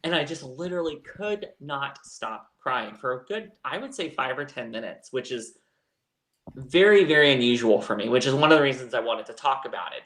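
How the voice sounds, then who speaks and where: A man's voice: medium pitch, a bit bright, echoey room. A man co-hosting a live chat show, telling a personal story in a candid, rambling way. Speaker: co-host. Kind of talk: casual chat.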